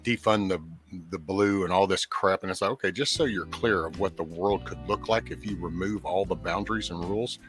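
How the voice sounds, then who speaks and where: A man's voice: low voice, a little fast, fairly bright tone, soft background music. A man hosting a casual chat, talking bluntly with plenty of profanity.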